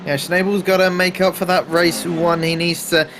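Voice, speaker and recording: A man's voice: high voice, flat delivery, moderate pace, fairly bright tone, a little hiss or hum. A man co-commentating an online race in a casual, hesitant way, with many fillers. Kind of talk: sim racing commentary.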